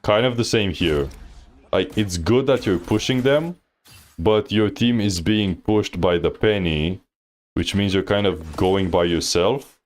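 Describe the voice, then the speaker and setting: A man with a notably deep, low-pitched voice talks through a viewer's match like a livestream coach. He keeps it loose and slangy and often breaks into teasing laughter. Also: a little slow, a little hiss or hum. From Thailand. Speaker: game coach reviewing gameplay. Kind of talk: casual livestream coaching commentary.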